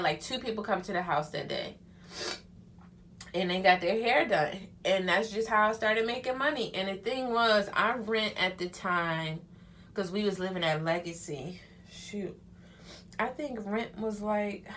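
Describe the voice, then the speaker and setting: A young vlogger and hairstylist chats openly about her life as she gets ready, with slang like "honey" and "child" sprinkled in. Her voice is mid-range and a bit bright, with slight hiss or hum in the background.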